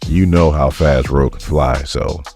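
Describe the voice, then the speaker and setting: Very deep-voiced man recapping comics. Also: fairly even intonation, moderate pace, darkish tone, faint music behind. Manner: chatty, jokey retelling that acts out the characters' lines. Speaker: comic book reviewer and channel host. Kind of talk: casual recap vlog.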